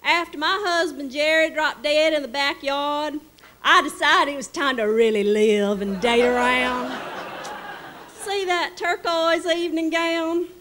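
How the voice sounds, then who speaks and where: A woman's voice: high voice, measured pace, a crowd in the background, noisy background, voice pushed up. A woman playing a chatty, nosy older Southern widow from the Mississippi Delta with a gushing, drawling manner. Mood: flirtatious. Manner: gushing, drawling, fond of "darling".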